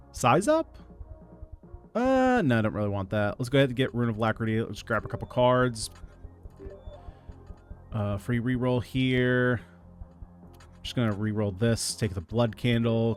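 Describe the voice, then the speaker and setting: A man giving casual gameplay commentary, reading out item picks in a relaxed running patter. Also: mid-range voice. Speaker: gaming video creator.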